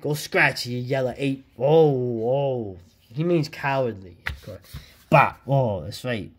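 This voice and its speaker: A man hosting a casual vlog, reviewing an old comic book with excited, slangy chatter and frequent laughs. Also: medium pitch, slow pace.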